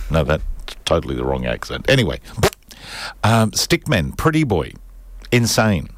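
A man's voice: sits low, big pitch swings, unhurried, no echo. An Australian man hosting a community radio show in casual, jokey, rambling chat from a studio mic. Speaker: radio host. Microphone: studio microphone.

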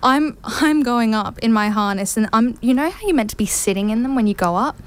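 A woman who is a radio guest tells a story in a casual, animated way, laughing as she goes. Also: on the high side, fairly quick, clean tone. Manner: animated, laughing through the telling.

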